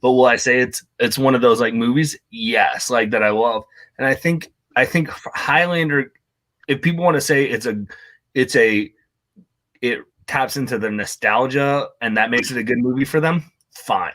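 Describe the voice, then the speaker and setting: A man's voice: mid-range voice, normal speed, a bit bright, no echo. A man co-hosting a casual movie discussion, opinionated and full of fillers like "like" and "you know".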